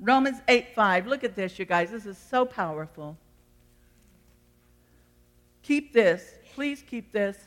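A woman preaching a sermon in a church, swinging between loud exhortation and quiet asides. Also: mid-range voice, expressive, slow pace, long pauses. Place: church sanctuary. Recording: long church hall reverb.

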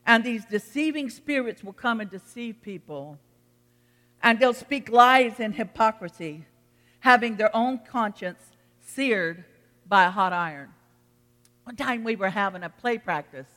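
A pastor delivers a sermon with a folksy, earnest storytelling manner, speaking straight to the congregation. The voice is bright and forceful. A long hall reverb trails behind every phrase. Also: medium pitch.

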